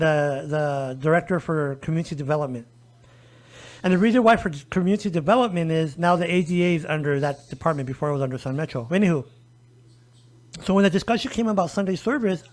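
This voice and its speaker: A man who advocates for disability rights, talking casually on a podcast and acting out the people he quotes as he tells what happened. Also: on the high side. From El Paso, Texas. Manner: animated storytelling, acts out quoted dialogue.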